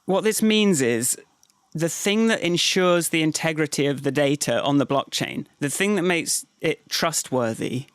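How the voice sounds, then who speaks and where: A man's voice: on the high side, expressive, a little slow, clear, resonant tone, dry recording. Man explaining things in a dry close voice. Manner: explanatory, hedging with "kind of". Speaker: podcast co-host. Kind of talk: casual chat.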